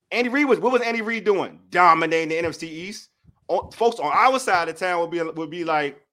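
Here a young adult sports podcast co-host with a DC-area accent sounds sharp and fairly quick, his high voice full of lively intonation. In heated, casual talk about sports, he keeps repeating himself to stress his points.

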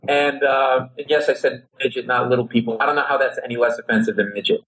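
A middle-aged comedian telling a comic anecdote on a talk show, animated, acting out voices and his own panic. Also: medium pitch, quick pace, rough recording. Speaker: comedian guest.

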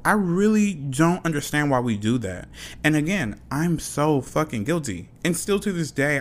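A man hosts his own podcast and rants about boundaries with frank, fired-up passion. His voice sits a little high and swings widely in pitch as he repeats points and swears freely. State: dry mouth. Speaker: podcast host. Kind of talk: solo podcast rant.

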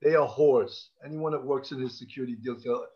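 A man's voice: mid-range voice, a little fast. A man co-hosting a podcast, blunt and crude in casual chat. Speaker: podcast co-host. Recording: dull lo-fi sound.

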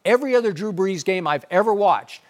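A man's voice: sits high, animated, brisk, darkish tone. A man hosting a sports debate, arguing football in an emphatic, insistent way. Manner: emphatic, argumentative.

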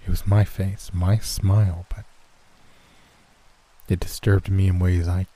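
Deep-voiced man narrating a horror story. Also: unhurried. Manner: steady first-person storytelling. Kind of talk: scripted narration.

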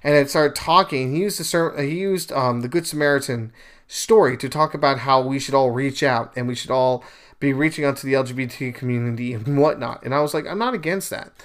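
A young man hosting a podcast, retelling a story in a casual, animated monologue, with sudden louder bursts. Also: medium pitch, fairly quick. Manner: animated storyteller, paraphrases scenes in bursts of raised voice. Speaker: podcast host. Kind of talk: casual religious commentary monologue.

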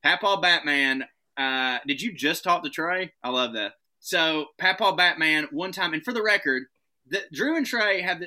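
A man spins funny stories on a podcast in a very bright, ringing voice, pitched a bit higher than most men. He talks in an animated, profane way and laughs often as he tells them. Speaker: podcast guest. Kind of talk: casual comic storytelling.

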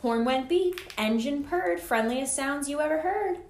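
A woman reading a children's picture book aloud in an expressive, sing-song manner. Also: sits high, unhurried, a little hiss or hum. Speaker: storybook reader. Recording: echoey room.

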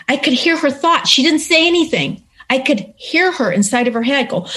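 A woman guest recounting a personal story in conversation, earnest and animated, acting out the voices of people in it. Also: high-pitched, moderate pace. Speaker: interview guest.

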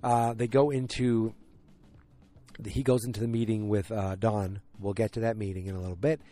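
Low mellow guy rambling through a show recap, swears casually, faint music underneath. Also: little pitch movement, normal speed. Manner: rambling and frank, with loose swearing. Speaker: podcast host recapping a TV series. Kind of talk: casual solo recap talk.

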